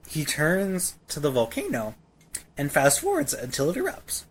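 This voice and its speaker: A man's voice: a little high, huge pitch swings, moderate pace, breathy edge. A man co-hosting a podcast, ranting sarcastically about a cartoon with lots of swearing and stammered restarts. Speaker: podcast co-host. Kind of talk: casual episode recap chat.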